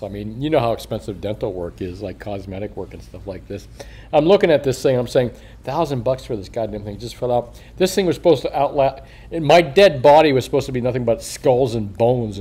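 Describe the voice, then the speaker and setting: An older man rambles through a casual video monologue, swearing freely and chuckling as he goes. His voice sits at a middle pitch with a dark, mellow tone, and his words slur a little through a missing front tooth. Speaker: coin shop owner and market commentator.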